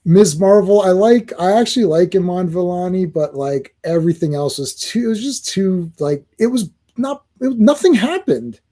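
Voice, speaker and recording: Man, casual podcast chat, blunt, excitable, mellow voice, a bit high. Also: moderate pace, few pauses. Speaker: podcast co-host.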